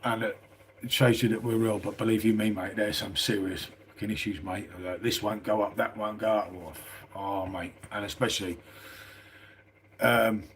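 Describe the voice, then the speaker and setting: A man's voice: lowish voice, fairly even intonation, moderate pace, a bit bright, a little hiss or hum. A middle-aged man with a southern English accent, chatting casually on a live stream from a small house, saying "mate" a lot and swearing freely. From England.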